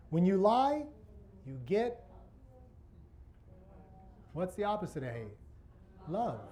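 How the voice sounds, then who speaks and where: A man's voice: high voice, warm tone. A man presenting a workshop to an audience, asking rhetorical questions as he teaches. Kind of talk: interactive teaching talk.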